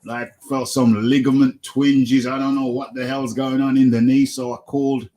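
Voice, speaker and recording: A man hosts a casual talk show and rants with animated energy, circling back to the same phrases again and again. His voice sits at an ordinary middle pitch. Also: normal speed. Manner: animated ranting, repeats phrases. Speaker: host. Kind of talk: casual podcast chat.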